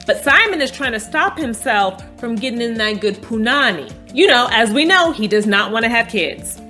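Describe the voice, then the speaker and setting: A woman chatting casually as she recaps a TV episode, animated and playful, bursting into dramatic emphasis and swearing bluntly. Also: on the high side, moderate pace, soft background music. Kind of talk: casual chat.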